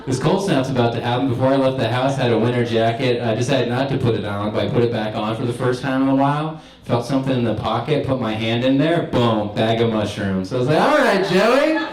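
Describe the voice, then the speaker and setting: A man's voice: mid-range voice, darkish tone, roomy sound, poor audio. Laid-back young man doing stand-up. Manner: laid-back stoner storytelling. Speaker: stand-up comedian. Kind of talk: stand-up set. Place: comedy club stage.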